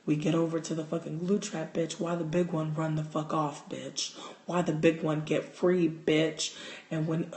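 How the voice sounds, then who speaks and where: Animated man telling a story, echoey room. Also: on the high side, vocal fry. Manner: animated, profane, gets loud and excited. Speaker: livestream host. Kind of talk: casual storytelling livestream.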